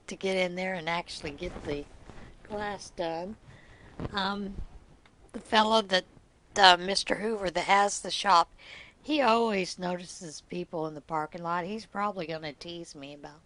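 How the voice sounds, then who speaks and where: At normal speed, in a low-leaning but fairly bright voice, this middle-aged knitting podcast host chats through good-humored, teasing stories on her craft vlog. Laughter comes often in this casual storytelling format.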